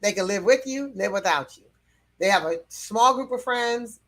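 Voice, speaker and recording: A woman's voice: medium pitch, expressive, moderate pace. A woman teaching about personality temperaments in a casual, conversational way, with fillers and light laughs.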